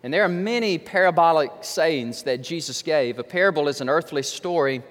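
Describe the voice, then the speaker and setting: A man's voice: a little high, expressive, normal speed, a bit bright, long reverb tail. A male pastor preaching a sermon, telling a story in a dramatic, emphatic way.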